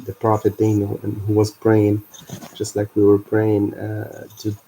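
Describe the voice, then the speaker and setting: A man hosting a livestream, explaining his ideas in an earnest, halting way. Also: fairly low pitch, completely flat delivery, creaky, mellow, slight background noise, rough recording. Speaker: livestream host.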